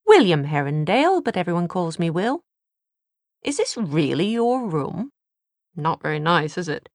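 A woman's voice: lowish voice, big pitch swings, a little slow, darkish tone, no room sound. A woman voicing a cheerful, flippant young British man with a dry, mocking manner, read from a novel. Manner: teasing, dryly mocking.

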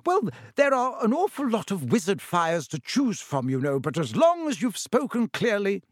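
A worried, motherly witch frets over everyone in a lifted, fluttering voice, done by a man reading aloud. She fusses and scolds gently from a dry, close storybook reading. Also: wildly swooping pitch, moderate pace, dry recording, heavily acted. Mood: fussing. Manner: anxious, fussing, high and bright. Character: fussing motherly witch, middle-aged woman.

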